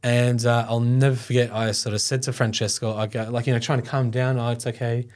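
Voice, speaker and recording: This interview guest is a middle-aged foundation founder whose mid-range voice has a darkish tone and barely moves in pitch. He tells his personal story briskly and conversationally, leaning on fillers, and at times becomes choked up.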